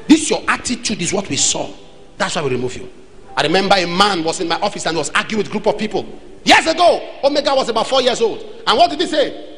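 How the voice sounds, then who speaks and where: Lively Nigerian pastor preaching. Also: male voice, high voice, low-quality recording. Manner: animated, acts out dialogue, shifts between loud and soft. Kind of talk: sermon with acted anecdotes.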